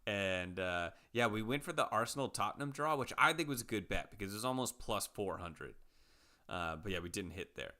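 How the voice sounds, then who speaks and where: A man co-hosting a podcast, chatting casually about soccer picks and betting odds, relaxed and rambling with fillers. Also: fairly low pitch, a little fast. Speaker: podcast co-host. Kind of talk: casual sports betting chat.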